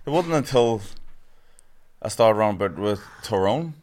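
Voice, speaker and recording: Lively playful male podcast guest. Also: on the low side, moderate pace. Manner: playful, mock-defensive. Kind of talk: casual podcast banter.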